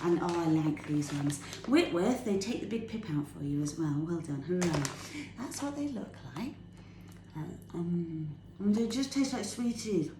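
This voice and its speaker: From her home kitchen, a fitness vlogger chats to camera, sharing casual healthy-eating tips with her viewers in a bubbly, enthusiastic way and laughing as she talks. Her voice sits on the low side and is expressive, moving at a normal speed. The room is echoey with faint ambience, and the background is noisy.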